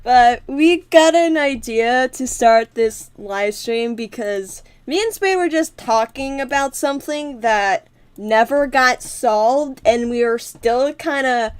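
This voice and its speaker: A woman's voice: fairly high pitch, slow, clear, resonant tone. A young woman chatting casually on a livestream, giggling often and swearing freely. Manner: giggly, swears a lot, bursts into loud laughter. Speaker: livestream co-host. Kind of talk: casual chat.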